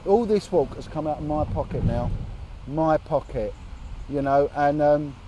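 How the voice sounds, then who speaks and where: A man's voice: fairly high pitch, unhurried, dark tone, dull audio. Indignant man talking outdoors by traffic. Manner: earnest and indignant, with blunt swearing. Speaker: vlogger on a long charity walk. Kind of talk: casual outdoor chat to camera. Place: outdoors, sitting on a bench by a road.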